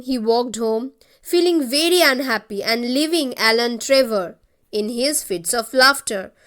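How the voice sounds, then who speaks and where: A woman with an Indian English accent teaches a short story, reading passages aloud and then retelling them plainly for her class. Her voice sits high. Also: a bit bright. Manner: reads a passage, then retells it in simple words. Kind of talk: explaining a short story to students.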